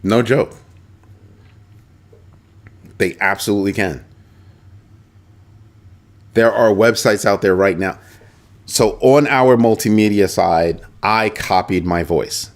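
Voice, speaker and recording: A middle-aged man hosting a casual livestream, animated and chatty, talking straight to his viewers and often repeating himself. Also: lowish voice, slow, long pauses. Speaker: host of a crypto livestream.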